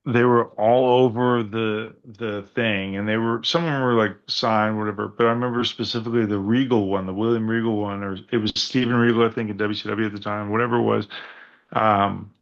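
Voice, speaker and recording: A man on a podcast as a guest wrestler, telling rambling, profane stories in a casual, animated way. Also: lowish voice, fairly quick, highs cut off. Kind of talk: casual storytelling chat.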